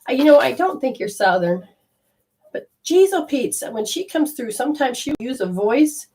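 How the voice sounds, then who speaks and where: A woman giving a live channeling session as a spiritual medium, talking in a rambling, animated way that swings between loud bursts and hushed asides. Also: on the high side, rough recording.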